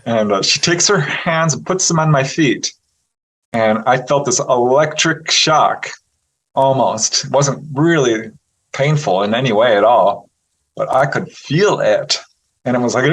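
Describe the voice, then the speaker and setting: A man, a guest on an interview show, telling stories in a casual, animated way, laughing often and acting out what people said. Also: medium pitch, moderate pace, low-quality recording. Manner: animated storyteller who laughs often and acts out quotes. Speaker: interview guest, UFO researcher.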